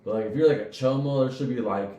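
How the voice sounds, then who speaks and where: A man's voice: medium pitch, fast talker, dark tone. A man co-hosting a casual comedy podcast, rambling with lots of fillers as he talks. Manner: rambling, heavy use of "like". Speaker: podcast co-host. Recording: echoey room.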